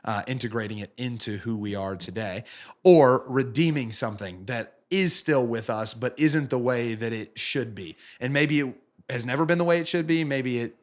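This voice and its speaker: A man's voice: medium pitch, moderate pace. A man co-hosting a podcast, chatting casually and setting out the show's aim. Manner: relaxed, explains the show's aim. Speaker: podcast co-host.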